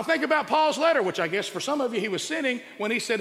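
A man preaching an impassioned sermon, emphatic and full of rhetorical questions that build to loud exclamations. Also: extremely high pitch, very animated, fast talker, vocal fry, hardly any pauses. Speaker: preacher and radio show host. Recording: echoey hall with long reverb.

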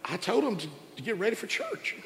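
A middle-aged man telling a comic story on stage, animated and jumping into quoted voices. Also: a little fast, in a large hall, slight background noise. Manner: animated, acts out quoted voices with big pitch jumps. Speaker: stand-up comedian. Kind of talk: stand-up storytelling.

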